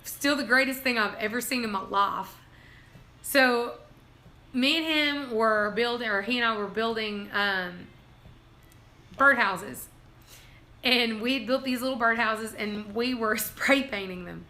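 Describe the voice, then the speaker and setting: A woman's voice: fairly high pitch, a little slow, pushed and bright. A woman, hosting a casual livestream and telling family stories, laughing often as she talks. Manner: giggly, laughs through her own stories. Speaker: livestream host.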